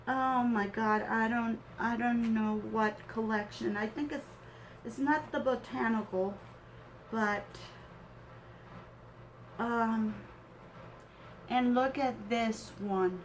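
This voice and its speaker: A high-voiced woman opens a craft swap package, gushing and sentimental. She talks very slowly, breaking off with pauses and fillers, against a faint background hum. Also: poor audio. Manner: gushing and sentimental, exclaims often. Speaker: crafting vlogger.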